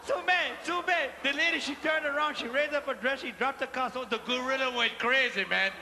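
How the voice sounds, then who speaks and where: A man's voice: very high voice, brisk, hardly any pauses. A man with a Cajun accent from Louisiana, telling stand-up stories and teasing the crowd on a large theater stage. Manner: chatty, playful, addresses the crowd. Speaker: stand-up comedian. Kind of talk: live stand-up storytelling. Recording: live theater reverb, faint hall noise.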